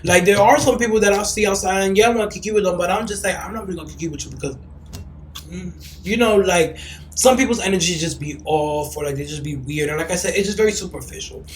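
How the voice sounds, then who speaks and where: A young man who lives in Los Angeles hosts a podcast in casual chat, brash and profane, sometimes breaking into mocking shrieks. His voice sits high and moves at a quick pace, in a reverberant, roughly recorded space with slight background noise.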